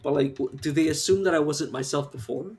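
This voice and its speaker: A man live-streams a game and rants casually, rambling with lots of swearing and filler words. His voice is on the high side and a little mellow, and he speaks briskly.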